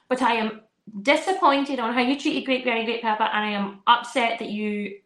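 A woman in her thirties chatting casually as a podcast co-host, telling animated stories and acting out her kids' voices. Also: fairly high pitch, normal speed, echoey room. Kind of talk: casual chat.

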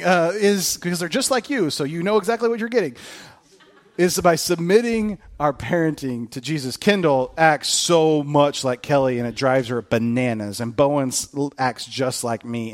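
A man in his thirties delivering a sermon as a pastor. His voice sits high and swings widely in pitch. He keeps it animated, joking and poking fun at himself. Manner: animated, joking and self-mocking.

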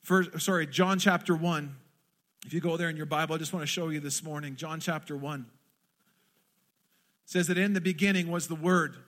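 A man's voice: on the high side, steady tone, normal speed, pauses often, fairly bright tone. A man preaching a sermon to a congregation, passionately acting out quoted prayers. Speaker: pastor. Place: church in front of a congregation.

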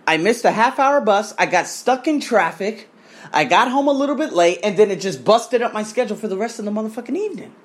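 A man in his thirties rants into the camera in a casual vlog, his pitch swinging widely as he acts out the people in his story. His talk is full of swearing and loud, expressive bursts. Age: 30s. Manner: animated, profane storytelling with mimicked voices. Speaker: coach. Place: abroad in Thailand.

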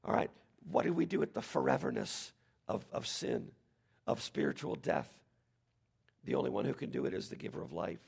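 Gravelly, husky male preacher. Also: medium pitch, moderate pace. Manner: animated preaching with dramatic quotes. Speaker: pastor. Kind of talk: sermon.

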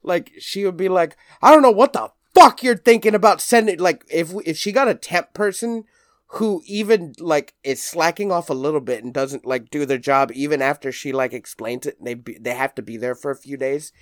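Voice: medium pitch, moderate pace, no echo, studio quality. A podcast guest telling a long story in casual chat, rambling, swearing freely and leaning on "like", acting out what other people said.

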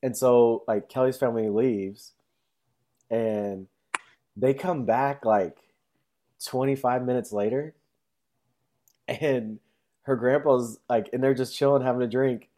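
A young man telling a long story in a casual, rambling way, full of fillers, now and then acting out quotes in a high, exaggerated voice. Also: steady tone, takes it slowly, long pauses, dark tone.

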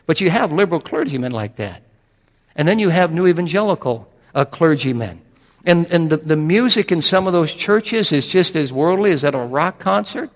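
A man preaching a sermon in a reverberant church, his voice sitting a little high for a man. He tells stories with earnest conviction and slows into a low, deliberate delivery whenever he reads scripture. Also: lively intonation.

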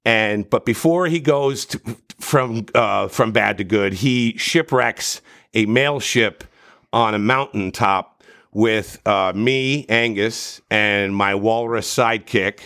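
A middle-aged man telling stories in a casual podcast chat, rambling and profane, with animated bursts. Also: lowish voice, slow, gravelly. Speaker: voice actor guest.

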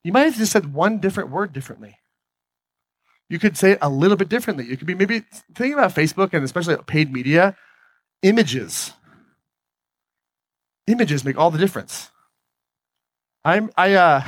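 An energetic man speaking from a stage, his voice sitting a little high for a man. He keeps turning to the audience with quick questions. The sound is dry, with almost no room around it. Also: no room sound. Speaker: motivational speaker. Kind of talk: live motivational talk on stage.

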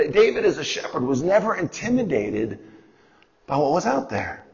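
A man's voice: fairly high pitch, sing-song, normal speed, creaky. Conversational male Bible teacher in a hall. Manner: explanatory, conversational, acts out quotes. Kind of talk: Bible lesson, call and response. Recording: dull audio with long hall reverb.

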